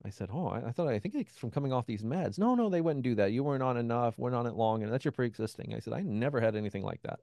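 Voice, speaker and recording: A man's voice: medium pitch, very fast, vocal fry, few pauses, warm tone, dry recording, studio quality. A man being interviewed as a guest, telling a personal story in a loose conversational way, often acting out what other people said and peppering his speech with "you know.". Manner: acts out quoted voices of others; frequent "you know" and restarts. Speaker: interview guest, benzodiazepine withdrawal expert.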